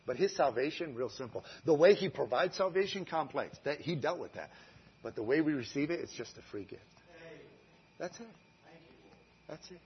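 A man preaching a sermon, telling the story with animated swings from hushed to loud. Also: fairly high pitch, moderate pace, long pauses, slightly rough, lo-fi sound. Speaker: guest preacher.

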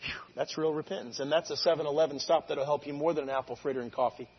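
A man preaching a sermon, moving between conversational asides and loud, drawn-out shouted lines of scripture. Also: a little high, steady tone, breathy edge, in a large hall, dull audio.

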